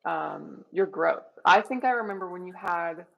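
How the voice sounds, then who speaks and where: A woman's voice: on the low side, normal speed, gravelly, a bit bright, poor audio. A woman hosting an interview over a video call, gushing with enthusiasm and stumbling through fillers. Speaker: host. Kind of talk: casual interview chat.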